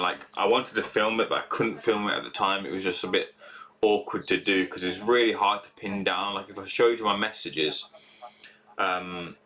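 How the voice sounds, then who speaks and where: Young male streamer, low forceful voice, rambling casual chat. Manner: rambling, chatty, many fillers. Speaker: live stream host. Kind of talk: casual live reaction stream.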